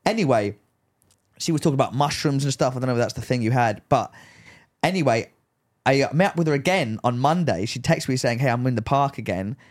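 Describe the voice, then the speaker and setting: A man's voice: medium pitch, expressive, a little fast. A man co-hosting a podcast, telling a rambling story in casual chat, full of likes and rights. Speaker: podcast co-host.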